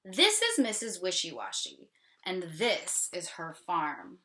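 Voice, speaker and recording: A teacher reading a picture book to young children, slowly and with pauses to ask questions. Her voice is bright and clear, and each word is spelled out patiently. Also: fairly low pitch, huge pitch swings, a little hiss or hum. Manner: slow, questioning, explaining. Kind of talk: read-aloud for young children.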